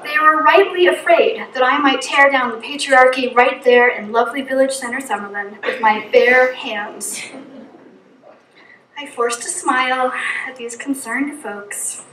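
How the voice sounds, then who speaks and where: A woman's voice: sits high, unhurried, fairly bright tone, echoey room, distant mic, a little hiss or hum, low-quality recording. A middle-aged woman from New England gives an earnest personal reflection from a church pulpit, telling a story and reeling off long lists. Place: church hall.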